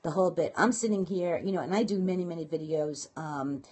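A woman with a Brooklyn accent talking casually to viewers on a live stream, quick and chatty with lots of fillers and restarts. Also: fairly low pitch, darkish tone, husky. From Brooklyn, New York. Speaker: blogging and marketing coach. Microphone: phone or webcam live stream.

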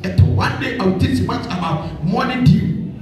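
A man's voice: high-pitched, normal speed, darkish tone, recorded from a distance, a little hiss or hum. A man with a Ghanaian accent, preaching a sermon as a prophet, emphatic and calling for answers from the congregation. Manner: call and response, emphatic. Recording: very echoey hall, voice off mic.

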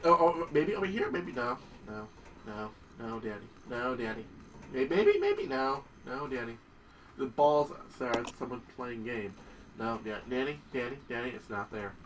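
A man's voice: medium pitch, moderate pace, fairly bright tone, distant mic, a little hiss or hum, rough recording. A young man giving casual gameplay commentary, swearing and yelping when startled. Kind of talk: casual let's-play commentary.

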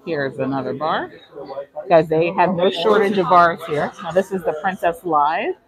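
A woman vlogger leads a chatty live walking tour through the indoor decks of a cruise ship, answering chat questions and sounding a little out of breath. Her voice is lowish and her pace moderate. Crowd noise fills the background of this low-quality recording.

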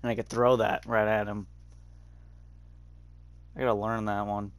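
A man's voice: fairly low pitch, flat delivery, a little slow, clean tone. A young man giving casual commentary while playing a horror game, reacting and swearing a lot. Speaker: gamer.

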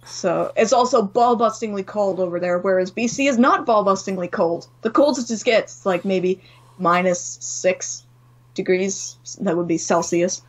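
A woman's voice: mid-range voice, moderate pace. A young woman from Canada as a podcast guest, speaking candidly, swearing freely and voicing the people in her stories. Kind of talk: casual chat. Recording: slightly dull audio.

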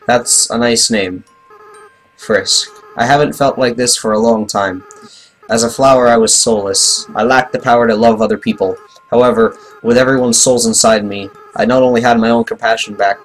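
A man reading aloud the lines of a remorseful young boy monster from a game, softly and gently. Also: fairly low pitch, lightly acted, low-quality recording.

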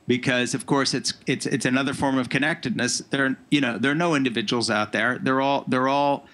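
A man's voice: medium pitch, fairly even intonation, brisk, fairly bright tone. A man speaking as a guest on a talk show, blunt with restarts. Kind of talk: casual interview talk.

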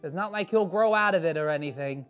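A performer voicing a sarcastic, easily annoyed kid character in a kids' church skit, grumbling in a dry, deadpan way, with faint music behind. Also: medium pitch, quick pace, natural voice.

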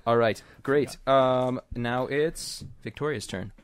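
A man's voice: medium pitch, slow pace. A man running a tabletop game as game master, explaining turns and rules in a loose, filler-heavy way.

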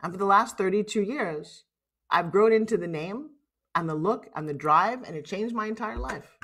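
A woman in her sixties from New York, with a New York accent, telling personal stories as a guest speaker in a lively, blunt, salty way over a video call. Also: medium pitch, normal speed. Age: 60s. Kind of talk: personal storytelling.

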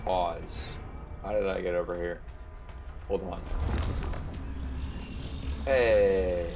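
Male streamer, slightly low voice, loose rambling commentary on a dull, lo-fi mic with steady noise behind. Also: drawn-out words, over music. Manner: rambling, self-deprecating chatter to viewers. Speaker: streamer playing a horror game. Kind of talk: casual let's-play commentary.

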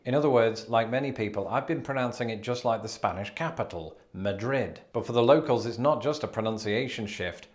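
A British man hosting a scripted, comedic explainer video, wry and self-deprecating with quick asides. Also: lowish voice. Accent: British English. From Britain. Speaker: YouTube host.

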